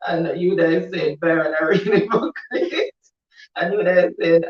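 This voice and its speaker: A man co-hosting a casual live show reads viewer comments aloud in a Caribbean lilt, laughing often. His voice is on the high side, a little slow, with fairly even intonation. The audio is echoey, distant, and dull.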